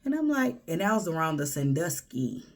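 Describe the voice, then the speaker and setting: A woman's voice: deep voice, sing-song, fairly quick, vocal fry. A woman from Houston, giving blunt, sassy advice in a casual monologue and often dropping to a whisper. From Houston, Texas. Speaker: vlogger.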